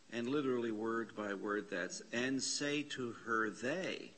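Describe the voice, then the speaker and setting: A man's voice: medium pitch, measured pace, few pauses, a bit bright. A man teaching a classroom lesson on Bible Greek in a church classroom, patiently spelling out letters and parsing words aloud.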